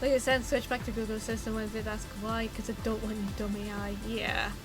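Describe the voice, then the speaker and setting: Woman streamer, fairly high voice, loose and sweary chat, faint music behind. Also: flat delivery, fairly quick. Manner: rambling and profane, with many fillers. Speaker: livestreamer.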